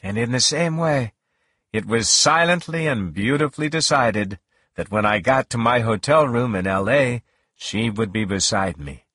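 A man reading a first-person novel aloud in a slow, measured, expressive way. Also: medium pitch, husky, no room sound, studio quality. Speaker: audiobook narrator.

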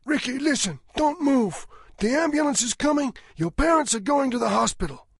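Man doing a raised, gravelly teen boy, reassuring, storybook reading. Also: very high voice, expressive, moderate pace, fairly bright tone, dry recording, voice pushed up, exaggerated voice. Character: teenage boy reassuring his friend.

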